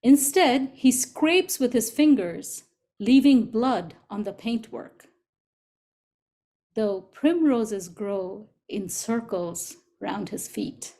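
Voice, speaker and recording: A woman co-leading an online group, reading a poem aloud in a gentle, deliberate, unhurried way over a video call. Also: fairly high pitch, lively intonation. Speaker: co-facilitator. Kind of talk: slow poetry reading.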